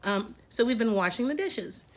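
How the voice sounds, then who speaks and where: Chatty, rambling woman vlogger. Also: normal speed. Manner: chatty and rambling, self-mocking, with lively swings in pitch. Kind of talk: casual talk to camera.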